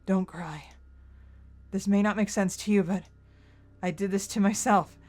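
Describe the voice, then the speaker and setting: A gentle young huntsman, dying yet calm, speaking softly and tenderly to comfort someone, as a woman reads his lines aloud from a visual novel game. The tone stays quiet and soothing. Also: medium pitch, a little slow, natural voice.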